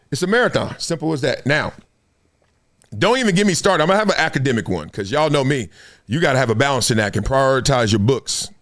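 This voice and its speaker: A middle-aged man hosting his own show, chatting casually with his audience, laughing and acting out voices. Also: mid-range voice. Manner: animated, acts out voices, laughs often. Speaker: show host. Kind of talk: casual chat to a live audience.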